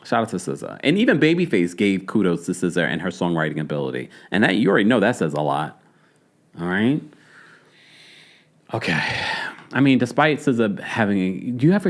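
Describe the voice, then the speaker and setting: Here the Jamaican-accented celebrity news commentator sounds lower and brisk, with lively intonation. He keeps the commentary casual and playful, laughing and dropping asides to his viewers.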